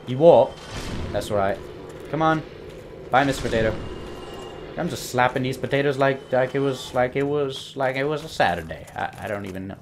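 A man's voice: medium pitch, moderate pace, long pauses, background noise. A young man giving casual commentary while playing a game, rambling, joking and swearing at enemies. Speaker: gameplay commentator. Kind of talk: casual let's-play commentary.

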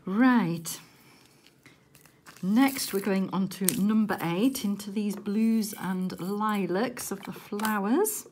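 A woman chatting casually while she works on a diamond painting at home, with gentle, softly murmured asides. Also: medium pitch, takes it slowly, a little hiss or hum. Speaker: crafting vlogger.

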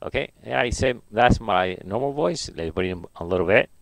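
Brief: relaxed male co-host, low and animated, hands-on demo chat. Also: fairly quick, gravelly, in a large hall. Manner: relaxed, talking while fiddling with gear. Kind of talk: casual livestream demo.

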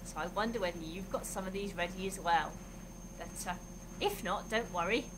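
A woman's voice: lowish voice, normal speed, noisy background. A woman hosting a Bible club for children, talking in a friendly way and calling out sing-song greetings.

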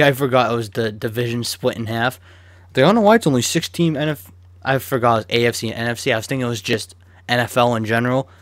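A young gaming YouTuber with a medium-pitched voice chats casually about a football video game while opening card packs. He swears freely and bursts into sudden rants, and the recording has no room sound.

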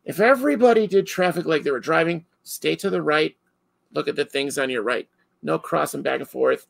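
A man with a gravelly, husky voice sitting somewhat high for a man hosts a relaxed chat. He tells stories with lively energy and often breaks into laughter. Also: a little fast, no room sound, poor audio. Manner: animated storyteller, laughs often. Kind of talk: casual chat.

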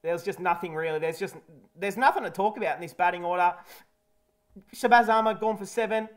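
A man's voice: high voice, brisk. A man hosting a casual cricket match review, talking candidly and jokingly with some blunt swearing. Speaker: cricket video host.

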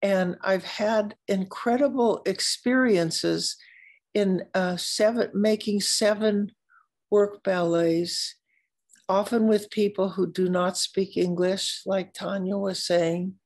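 An older American woman, an artist telling stories at a symposium, speaking in a halting, searching way with frequent restarts and occasional coughs. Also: medium pitch, fairly even intonation, darkish tone. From United States. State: coughing at times. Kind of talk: unscripted conversation.

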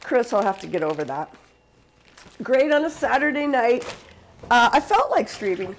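A woman's voice: fairly high pitch, sing-song, moderate pace, slight background noise, rough recording. A woman from Canada hosting a live cooking stream in a casual, chatty way, laughing often and answering viewers as she cooks. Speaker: cooking show host.

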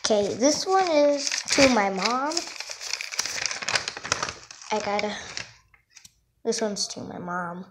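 A female vlogger shows her drawings one by one in an unhurried, halting voice. She sounds self-conscious and keeps apologizing for her work. Her mid-pitched voice comes through a noisy home recording. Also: lively intonation. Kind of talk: casual show-and-tell.

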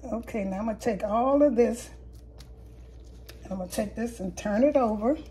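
A woman's voice: on the high side, moderate pace, warm tone, a little hiss or hum. A woman hosting a home cooking video, chatting casually and rambling as she corrects herself mid-sentence. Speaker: home cooking channel host. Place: home kitchen.

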